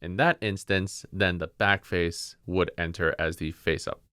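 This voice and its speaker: A man co-hosting a podcast, calmly and methodically explaining card game rules in casual chat. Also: deep voice, unhurried, no room sound, studio quality. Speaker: podcast co-host.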